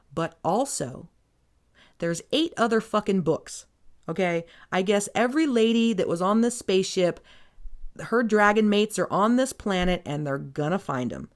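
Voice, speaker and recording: A woman hosting a podcast, recapping a book in a casual, sarcastic, rambling way with plenty of swearing. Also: fairly low pitch. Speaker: podcast host.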